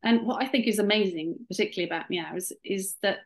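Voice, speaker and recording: A woman's voice: medium pitch, fast talker, poor audio. A middle-aged woman, an author and scientist, talking casually over a video call with many restarts. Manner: chatty, warm, many restarts and "you know". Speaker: author and cat behaviour scientist, guest. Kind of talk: webinar interview.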